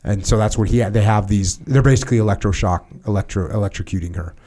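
A podcast host reading from a memoir, pausing for conversational asides that explain what he just read. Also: lowish voice, warm tone.

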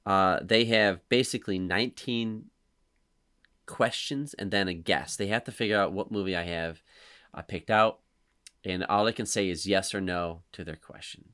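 A man in his thirties with a deep, clean voice hosts a casual podcast chat at normal speed. He tells stories animatedly and acts out quotes loudly.

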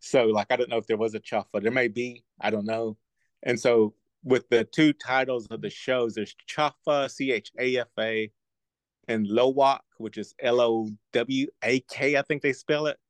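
A man from southeastern Oklahoma co-hosting a podcast, explaining things thoughtfully with slow restarts. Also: medium pitch, steady tone, no room sound. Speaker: podcast co-host. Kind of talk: casual discussion.

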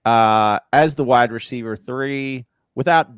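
A man co-hosting a casual fantasy football podcast, talking in a halting way with stammers and restarts. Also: mid-range voice, clear, resonant tone, no echo, muffled recording. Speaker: podcast co-host. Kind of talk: casual sports podcast chat.

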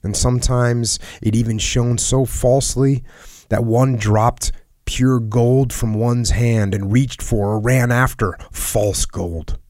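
A man reading a personal letter aloud in a solemn, earnest and measured way, sometimes dropping to a hush. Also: medium pitch, steady tone, no echo, studio quality. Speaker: reader of a letter.

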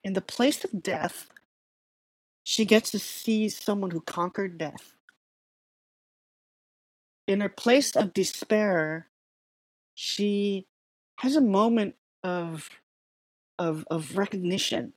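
A woman's voice: medium pitch, slow, long pauses, dry recording, poor audio. A woman giving a casual, conversational sermon that retells a story with filler words and restarts. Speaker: preacher.

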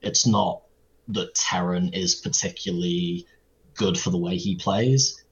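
A man's voice: low voice, steady tone, measured pace, slightly rough, highs cut off. A British man guesting on a podcast in casual interview chat, with a dry, wry humour.

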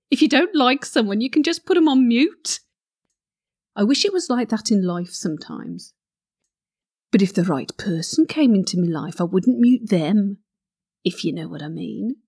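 A woman playing a flirty gossip. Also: on the high side. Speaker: comic monologue character. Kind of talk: comic character monologue.

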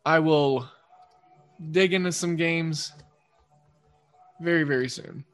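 On his sports betting podcast, a man speaking in an Oklahoma twang rambles through a fast, casual monologue, frequently correcting himself. His voice sits on the high side.

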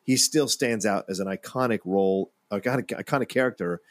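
A man co-hosting a casual movie-review podcast who tells anecdotes in a rambling, animated way. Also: on the low side, brisk, no echo. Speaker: podcast co-host.

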